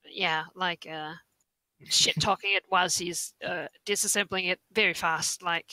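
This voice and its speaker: A young woman with a bright, crisp voice describes her character's actions at the gaming table. She talks in a loose, playful way, and the sound is dry and close. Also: on the low side, steady tone, a little slow, no echo, poor audio. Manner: casual, playful, giggles while describing. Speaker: player.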